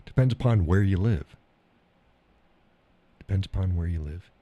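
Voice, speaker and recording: A man's voice: sits low, normal speed, lo-fi sound. A middle-aged man with an Oklahoma accent, hosting a live stream and chatting casually about the chat messages, teasing and laughing often.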